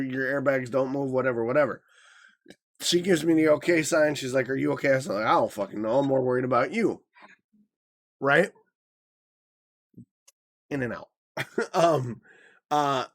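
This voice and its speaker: Speaking in a mid-range voice with a fairly bright tone, this podcast co-host in his thirties swears freely as he casually recounts a story. He performs the voices of the people he quotes.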